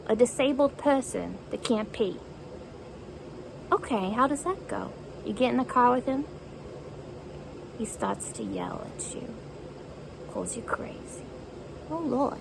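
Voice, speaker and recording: A woman's voice: fairly high pitch, very animated, measured pace, creaky, background noise. A woman in a one-sided conversation, repeating back what she hears and asking incredulous follow-up questions.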